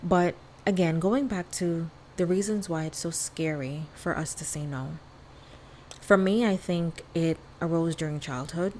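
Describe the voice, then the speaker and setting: Speaking at a measured pace in a lowish, mellow voice, a woman hosts a casual podcast by herself, chatty and candid, often performing quoted lines. The low-quality recording has slight background noise.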